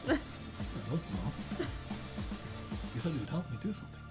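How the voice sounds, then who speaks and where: A man's voice: fairly high pitch, sing-song, normal speed. A man voicing a nervous, fussy male ship doctor who stammers and dodges, over background music. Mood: flustered. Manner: hesitant, stammering, polite.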